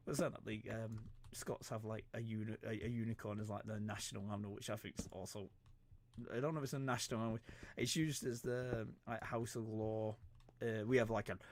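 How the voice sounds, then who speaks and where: A man's voice: medium pitch, a bit bright, no room sound. A young man, rambling and joking, stammering often and swearing casually as he chats on a gaming livestream. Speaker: streamer.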